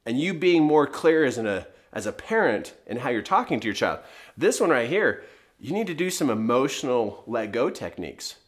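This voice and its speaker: A man's voice: medium pitch, sing-song, moderate pace. A middle-aged man giving an emphatic teaching talk to parents as a parenting coach, driving his points home with rhetorical questions.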